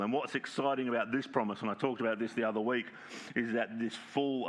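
A man preaching a sermon in a conversational way, often checking in with the congregation and reading scripture aloud slowly with emphasis. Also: on the low side, a bit bright. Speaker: pastor.

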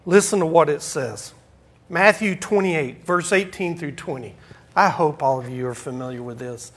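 Man preaching with loud and soft swings. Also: fairly high pitch, moderate pace, slightly rough. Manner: swings from loud emphatic preaching to quiet asides. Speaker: pastor. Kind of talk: sermon.

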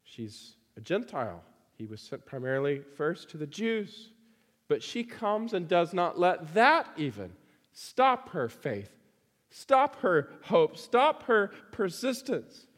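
A man's voice: high-pitched, big pitch swings, takes it slowly, fairly bright tone, long reverb tail. A man preaching a sermon to his congregation, emphatic and fond of repeating phrases for stress.

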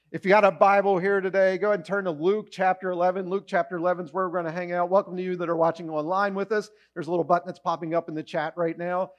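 Male pastor, high voice, lively sermon delivery with acted-out quotes. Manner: animated, acts out voices in quotes. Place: church auditorium, also streamed online.

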